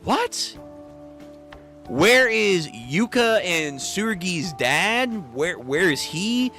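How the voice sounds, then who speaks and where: A man reacting out loud during a casual comic read-through, swinging his pitch all over as he exclaims in disbelief and swears freely. His voice is bright and forceful and sits a little high. Soft music plays faintly underneath. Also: big pitch swings, slow.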